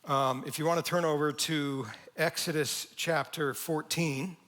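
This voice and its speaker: A male pastor preaching in a church, his voice pitched a little above the usual for a man. He talks in a conversational, animated way and gives the quoted lines their own voices. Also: unhurried. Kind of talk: sermon. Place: church sanctuary.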